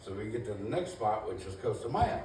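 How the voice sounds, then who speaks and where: On the low side and a little mellow, this man's voice comes fast and very animated. He's a first-time stand-up comedian doing a laid-back, rambling set in a comedy club, self-deprecating and packed with "you know." The echoey club room is captured by a distant mic, and the recording is noisy.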